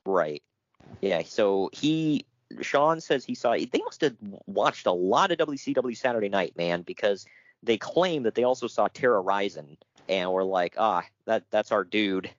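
A man's voice: fairly low pitch, expressive, unhurried, no room sound, muffled recording. A man co-hosting a casual chat, reading out notes with jokes and frequent laughter. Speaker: podcast co-host.

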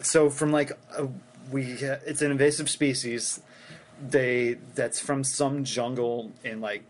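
A man from the Philadelphia area chatting on a casual podcast, talking in an animated, chatty way and laughing easily. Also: medium pitch, slight background noise. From Philadelphia area, USA.

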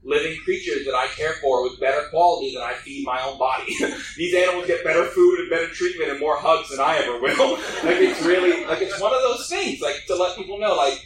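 A man's voice: fairly high pitch, brisk, a bit bright, a little hiss or hum. A man who works at a zoo, talking animatedly on a live panel and laughing often. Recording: echoey room, distant mic.

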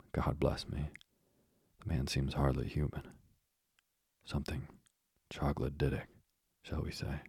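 A man voicing an older gentleman lawyer in an audiobook, formal and courteous, in a husky, whispery voice. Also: a bass voice, no echo, studio quality, full character voice. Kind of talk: audiobook character reading.

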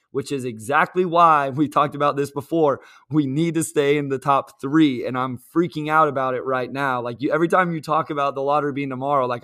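A man appearing as a guest on a sports podcast, talking in a casual, excitable way with lots of fillers. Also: a little high. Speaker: podcast guest, basketball writer.

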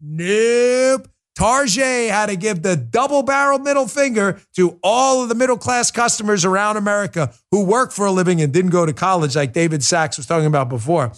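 A middle-aged man hosting a political commentary show, talking in an animated, mocking way with quick asides. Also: sits high. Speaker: host.

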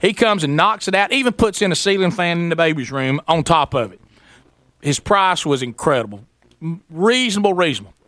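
A man, hosting a talk radio show and telling a story in a lively way, acting out the people in it. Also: on the high side, fairly quick, dry recording. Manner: animated, acts out quoted voices, sarcastic. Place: radio studio.

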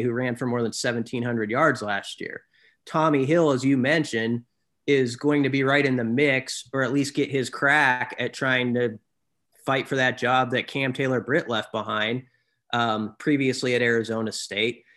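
Casting note: mid-pitched male co-host, relaxed, rambling, self-correcting delivery. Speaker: sports talk co-host. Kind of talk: casual sports chat.

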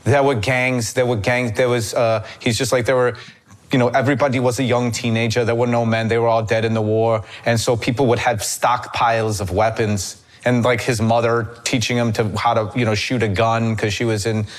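A man's voice: mid-range voice, flat delivery, brisk. A man from Chicago, a podcast guest and actor, telling stories in casual chat with many restarts. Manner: rambling, many restarts and fillers.

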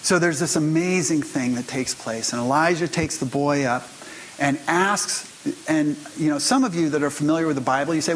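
Fairly high-voiced man preaching. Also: brisk, fairly bright tone, a little hiss or hum, low-quality recording. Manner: conversational storytelling, speaking straight to the congregation. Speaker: pastor. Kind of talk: sermon.

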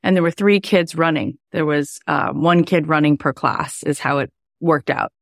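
A woman's voice: deep voice, moderate pace, gravelly, no room sound, studio quality. A middle-aged woman, a life coach and podcast host, telling a personal story in a chatty, heartfelt way, with many "like" fillers.

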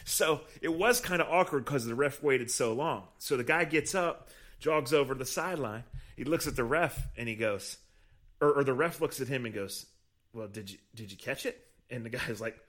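A man's voice: mid-range voice, moderate pace. A man co-hosting a casual podcast, telling stories from practice and acting out what people said. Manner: animated storyteller who acts out quotes. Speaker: podcast co-host, team reporter. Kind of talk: casual podcast chat, storytelling.

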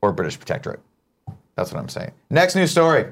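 A man's voice: medium pitch, big pitch swings, fast talker. A man hosting a morning show, chatting casually and animatedly, swearing freely. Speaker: show host. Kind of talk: casual chat.

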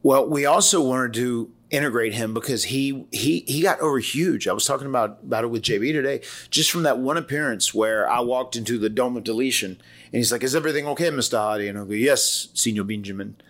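A man's voice: mid-range voice, a little fast, fairly bright tone. A man in his forties with a Southern US accent, co-hosting a casual podcast and telling rambling stories full of quoted voices and restarts. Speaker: wrestler and podcast co-host.

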